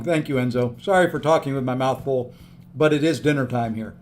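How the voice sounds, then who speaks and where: A man's voice: mid-range voice, fairly quick, a little mellow. A tired, upbeat man live-streaming a video game, chatting casually and thanking viewers by name as he plays.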